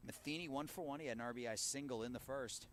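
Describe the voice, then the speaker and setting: A man doing live play-by-play of a high school baseball game from an outdoor field, steady and rising sharply on big plays. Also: fast, a little hiss or hum. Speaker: play-by-play announcer.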